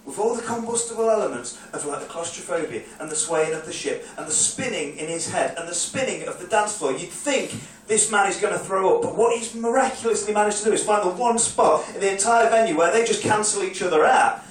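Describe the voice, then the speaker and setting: Man, stand-up storyteller, higher voice, caught on a phone from far back in a very echoey club. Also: a little fast, few pauses, slight background noise. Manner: rambling storytelling, acts out drunk clubbers in shouted bursts. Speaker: stand-up comedian. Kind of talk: stand-up comedy set. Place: comedy club stage, live audience. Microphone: phone recording from the audience.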